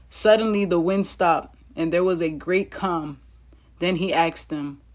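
Slow, low-voiced woman reading scripture. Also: a little mellow. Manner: laughs often, chatty asides to listeners. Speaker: Bible teacher. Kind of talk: casual Bible reading with commentary.

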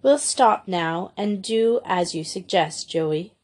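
A woman reading a gentle, firm young woman. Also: lowish voice, expressive, takes it slowly. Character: gentle, capable young woman, caring older sister.

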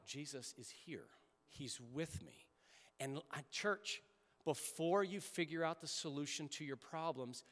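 A man with a fairly high voice preaches in a long-ringing church hall. He keeps it casual and conversational, then swells with emphasis and softens into hushed prayerful lines. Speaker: pastor. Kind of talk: sermon. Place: church sanctuary.

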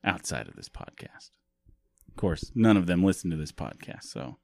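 Joking low-voiced male podcast host. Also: very animated, normal speed, vocal fry, warm tone, no echo. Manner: joking, rambling, laughs often. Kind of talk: casual podcast chat.

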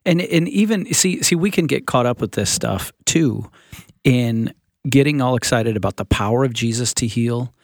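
A man co-hosting a casual podcast, speaking in an animated, teaching way. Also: medium pitch, moderate pace, no echo, studio quality. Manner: animated, laughs often, teaching tone. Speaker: podcast co-host.

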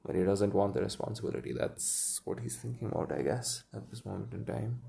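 A man reading a children's story aloud, pausing to muse and comment on it. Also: on the low side, expressive, vocal fry, dark tone, a little hiss or hum. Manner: muses aloud between passages. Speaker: reader.

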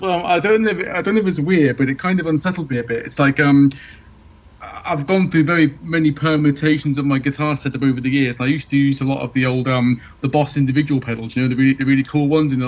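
A man's voice: fairly high pitch, steady tone, quick pace, lo-fi sound. A middle-aged man in casual chat, telling anecdotes with hesitant restarts and laughs.

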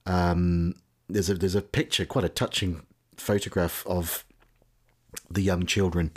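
A man's voice: low-pitched, level tone, unhurried, slightly rough. A man hosting a casual chat, who laughs easily and steers the talk back on track. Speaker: host.

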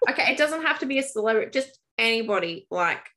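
A woman's voice: a little high, animated, quick pace, sharp tone. Playful, teasing woman co-host. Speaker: podcast co-host. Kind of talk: casual podcast chat.

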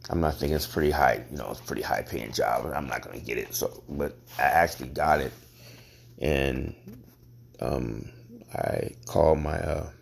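A man hosting a podcast, telling his own story in a casual, halting way with frequent pauses and restarts. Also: rumbling low, fairly even intonation, vocal fry, breathy edge. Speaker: podcast host.

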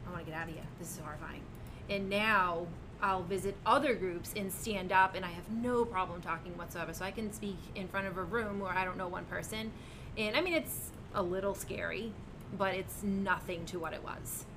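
A woman guest in a relaxed interview, upbeat and emphatic, often breaking into laughter. Her voice sits at an ordinary middle pitch. A steady background noise with a low rumble runs under the whole recording. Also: moderate pace. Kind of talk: casual interview chat.

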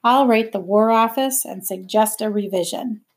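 Brief: dry, gently teasing guardian woman in a storybook reading, read by a woman. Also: mid-range voice, moderate pace, lightly acted. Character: wry, kindly grown woman guardian.

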